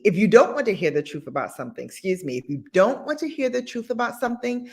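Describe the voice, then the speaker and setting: Woman, vlog host, sassy and blunt, lower pitch, lively swoops in tone. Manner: blunt, sassy, animated asides. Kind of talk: casual commentary vlog.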